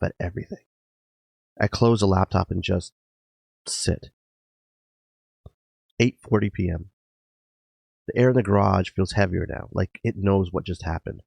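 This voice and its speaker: A man hosting a podcast, narrating a personal story in a dramatic first-person style, intense and emotional with sudden loud outbursts. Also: low voice, creaky, husky, no room sound. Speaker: podcast host. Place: garage.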